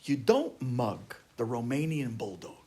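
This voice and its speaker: A man, a rabbi, telling a story in an animated way, acting out the people in it with shouts and exclamations. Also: medium pitch, a little slow, a little hiss or hum. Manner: acts out quoted voices, shouting and exclaiming.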